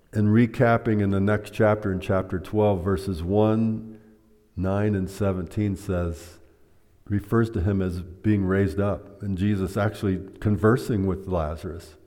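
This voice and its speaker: Slow, low-voiced preacher in a hall. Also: male voice, warm tone. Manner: teaching with questions to the congregation. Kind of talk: sermon. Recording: long hall reverb.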